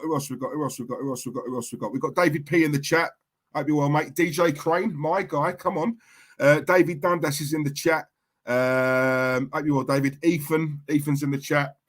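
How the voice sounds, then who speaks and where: A chatty man hosting a casual fan livestream. His voice sits a little high for a man, and he keeps the talk light and jokey as he reels off shout-outs to the chat. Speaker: livestream host.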